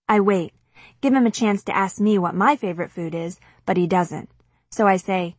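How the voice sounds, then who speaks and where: A woman narrates a first-person novel in a conversational, lightly expressive way. Her voice is breathy and sits at a middle pitch. The recording is dry, with no room sound. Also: normal speed, no room sound. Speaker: audiobook narrator.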